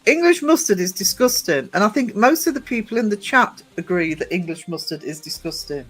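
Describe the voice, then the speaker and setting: A man with a high voice streaming live from the gym, chatty and teasing as he greets his viewers one by one. He sounds a bit worn out, laughs easily, and faint music plays behind him. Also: animated, brisk, fairly bright tone. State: low on energy. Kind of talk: casual live-stream chat reading out viewer comments.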